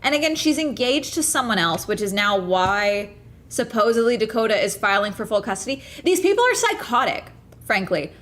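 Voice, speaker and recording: A woman streaming live, gossiping to her viewers in a casual, heated rant. Her voice sits a little high, and she swears freely as she gets worked up. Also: big pitch swings, moderate pace, a bit bright. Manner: ranting, profane, fired up. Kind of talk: casual livestream chat.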